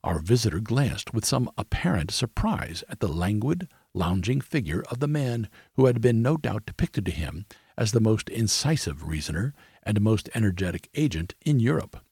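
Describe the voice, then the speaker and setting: A man narrating a story in a measured storytelling voice. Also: fairly low pitch, sing-song, darkish tone, husky, dry recording, clean studio sound. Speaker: audiobook narrator. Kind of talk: scripted narration.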